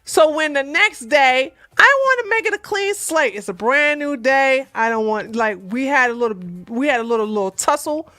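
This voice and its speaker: Blunt, bright high-voiced woman. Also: lively intonation, normal speed, hardly any pauses, no room sound, faint music behind. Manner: blunt, emphatic, repeats points; plain-spoken, slangy. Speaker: relationship advice vlogger. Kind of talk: casual advice talk to viewers.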